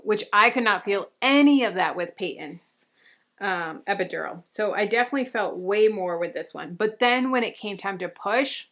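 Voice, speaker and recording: A young woman recounts her birth story to the camera in a loose, casual way. She rambles, restarts and leans on filler words, speaking at a middle pitch. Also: a bit bright. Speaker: mom vlogger.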